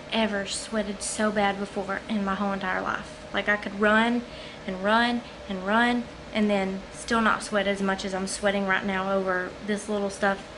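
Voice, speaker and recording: A breathless woman talks casually to her camera at home, wandering from point to point and filling pauses with ums and likes. Her voice sits at an ordinary middle pitch, and a steady hum of room noise comes through behind her. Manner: chatty, rambling, many ums and likes. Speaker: home vlogger. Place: at home, living room or kitchen.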